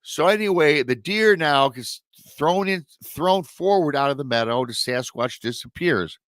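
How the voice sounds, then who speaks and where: A man hosting a podcast, retelling a story in an animated, excitable way. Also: fairly high pitch, a little slow, dry recording. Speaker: podcast host. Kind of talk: casual chat.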